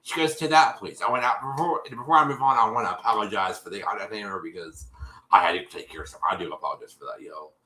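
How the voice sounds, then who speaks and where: Bright-voiced man recapping a show. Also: fairly low pitch, fast talker, reverberant, low-quality recording. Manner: rambling, restarts often, acts out quotes. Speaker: co-host recapping a TV episode. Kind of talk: casual livestream recap.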